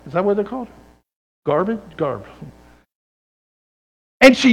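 A male pastor with a notably high voice delivers a sermon in a church. He tells stories and builds to emphatic peaks. He keeps calling on the congregation to answer with an amen. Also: expressive, normal speed, long pauses, fairly bright tone. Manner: call-and-response preaching, often asking the congregation for an amen; storytelling with rising emphatic peaks.

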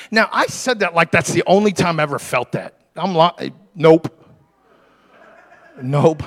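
Pastor, male, high gravelly voice, passionate storytelling sermon. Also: expressive, unhurried, pauses often, dry recording, poor audio. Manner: impassioned, storytelling, shifts from loud preaching to quiet confiding.

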